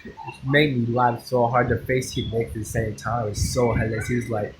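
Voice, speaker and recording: A man giving a casual movie review, rambling excitedly with many restarts and some swearing. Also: mid-range voice, moderate pace, heavy background noise.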